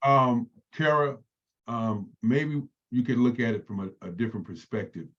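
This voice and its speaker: A man in a group discussion offering measured advice, often restarting his sentences. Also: fairly bright tone. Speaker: workshop participant. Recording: muffled low-fidelity audio.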